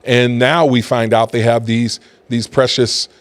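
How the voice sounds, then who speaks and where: A man's voice: medium pitch, a little slow. A middle-aged man hosting an opinion show, talking in a conversational way with plenty of restarts. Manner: conversational, animated when riled up. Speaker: talk show host. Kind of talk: opinion commentary.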